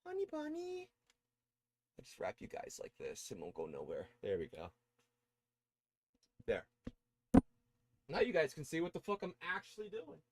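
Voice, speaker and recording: A man's voice: huge pitch swings, moderate pace, long pauses. A man vlogging casually to his viewers while setting up gear, swearing freely and chatting as he works. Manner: baby-talks in a high voice to his cat. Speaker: streamer setting up gear on camera. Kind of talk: casual vlog talking to viewers.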